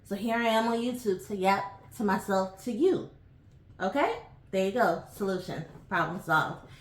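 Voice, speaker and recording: A woman's voice: medium pitch, moderate pace. A woman in her forties from New York, chatting casually to camera as host of her own channel, rambling with lots of ums and asides. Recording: echoey room.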